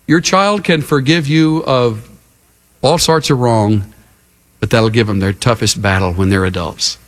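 A middle-aged male pastor preaching a sermon in an earnest way, with unhurried, emphatic pauses. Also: medium pitch.

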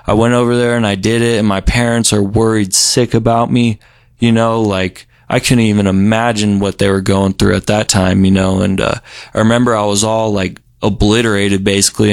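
A young man from Colorado telling his recovery story in a relaxed, rambling way, full of "you know" and "um.". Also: fairly low pitch, no echo, clean studio sound. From Colorado, USA. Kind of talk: casual recovery story interview.

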